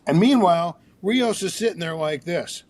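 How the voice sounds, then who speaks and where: A man's voice: high voice, normal speed, a little hiss or hum. An older man, a therapist guest, telling a story in an interview and acting out the dialogue with energy. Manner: animated storyteller, acts out dialogue.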